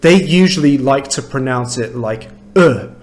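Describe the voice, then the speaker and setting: A man from England with a standard southern British accent, explaining clearly and slowly in an English lesson. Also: medium pitch. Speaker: English teacher. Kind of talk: language lesson to camera.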